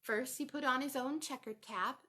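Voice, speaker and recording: A woman reading a picture book aloud to children, animated and sing-song, stopping to ask them questions. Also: sits high, moderate pace. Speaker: children's storytime reader.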